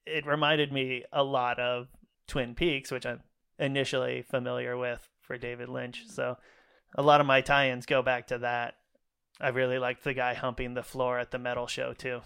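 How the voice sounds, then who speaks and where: A man's voice: mid-range voice, flat delivery, normal speed, creaky, a bit bright, smooth. A man co-hosting a film podcast, rambling and joking in casual chat and laughing often. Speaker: podcast co-host.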